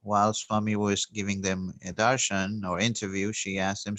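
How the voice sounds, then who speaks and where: A man giving an earnest, unhurried spiritual talk, telling a story and pausing on fillers and restarts. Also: fairly low pitch, level tone, fairly bright tone, no room sound. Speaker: spiritual teacher. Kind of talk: spoken spiritual teaching with storytelling.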